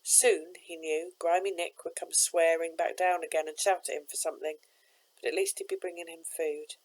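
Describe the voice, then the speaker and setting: A woman, a teacher, reading a children's novel aloud with steady, expressive narration. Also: on the low side, normal speed, rough recording.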